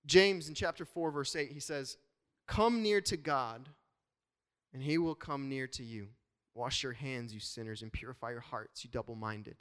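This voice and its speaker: A man preaching a sermon to his congregation as their pastor, in an animated, conversational way with playful asides. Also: mid-range voice, moderate pace, clean tone, long reverb tail.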